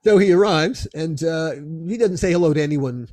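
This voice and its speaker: A man, a film producer guest, telling a lively anecdote in an expressive way and often restarting his phrases. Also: a little high, normal speed, dry recording.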